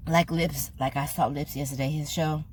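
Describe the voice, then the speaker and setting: A woman's voice: deep voice, steady tone, normal speed, a little hiss or hum. An older woman with a Californian accent talking earnestly to camera in a vlog, slangy and emphatic, getting choked up. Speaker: food vlogger. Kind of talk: casual heartfelt talk to camera.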